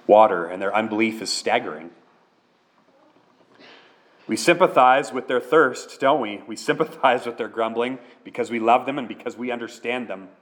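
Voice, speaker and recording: A man's voice: medium pitch, a bit bright. A man who is a pastor, preaching a sermon in an earnest, conversational way with many questions.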